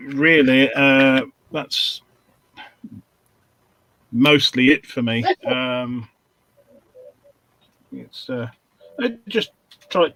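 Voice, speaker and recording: A man chatting casually on a video call, halting and dry-humored, with frequent ums. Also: medium pitch, fairly bright tone, rough recording. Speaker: regular panelist.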